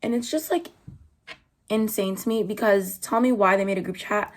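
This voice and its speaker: A woman's voice: medium pitch, moderate pace. A young woman telling a storytime while doing her makeup, chatty and casual, swearing freely and acting out what others said. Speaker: vlogger.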